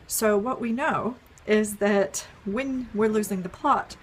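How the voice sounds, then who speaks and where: A woman talks through an idea in a relaxed, friendly way, checking in with "right?" and filling pauses with "um". Her pitch sits in the middle for a woman. There is a faint hiss of noise under her voice. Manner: friendly, explains step by step with many ums and "right?". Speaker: parenting educator. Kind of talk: casual explainer video.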